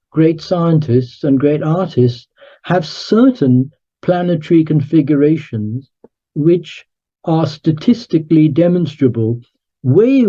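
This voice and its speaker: A man speaking as an author and guest in an interview, measured and emphatic, as if lecturing. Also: on the high side, warm tone, highs cut off. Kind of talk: conversational interview.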